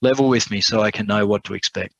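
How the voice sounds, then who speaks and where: A man voicing a proud, bitter male prisoner who talks stiffly and protests loudly in a told sermon story. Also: on the low side, fast, vocal fry, no room sound, muffled recording. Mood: bitter, guarded. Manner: stiff, protesting, rising to cries.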